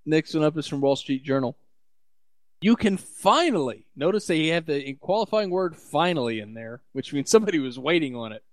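A man with a slightly high voice hosts a casual tech podcast, sounding sardonic and wry. He laughs often as he reads the news aloud, and the room is very dry and close. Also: lively intonation, a little fast, dry recording. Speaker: podcast host.

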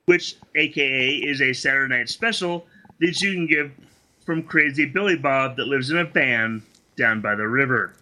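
A man co-hosting a casual podcast, cutting in with crude jokes and quick comments. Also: mid-range voice, pushed and bright. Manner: crude, joking interjections. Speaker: podcast co-host. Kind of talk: casual chat.

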